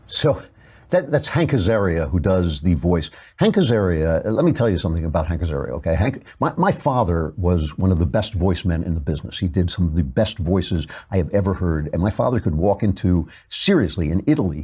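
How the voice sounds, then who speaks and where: A man's voice: low-pitched, dark tone, breathy edge. A man hosting a talk show, delivering an emphatic, sarcastic opinion monologue.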